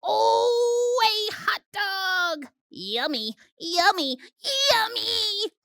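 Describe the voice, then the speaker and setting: A woman's voice: high voice, sing-song, slow pace, pushed and bright, no echo, studio quality, heavily acted. A woman voicing a possessive, easily exasperated male pigeon in a storybook read-aloud. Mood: thrilled. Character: greedy, fussy male pigeon.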